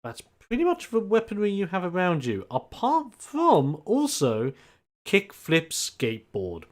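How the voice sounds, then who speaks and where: A game master running a tabletop wrestling game, animated and quick to laugh. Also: mid-range voice.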